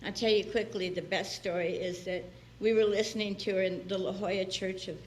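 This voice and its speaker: Speaking a little fast in a steady, medium-pitched tone, a woman guest minister preaches a chatty sermon from the church sanctuary. She often laughs and plays the parts of people she quotes, and a light hiss or hum runs underneath.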